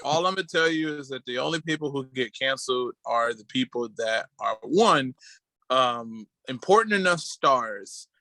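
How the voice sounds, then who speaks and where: Male co-host on a video call, bright and crisp, dry sound, crude deadpan humor. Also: mid-range voice, normal speed, no room sound. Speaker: podcast co-host. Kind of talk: casual chat.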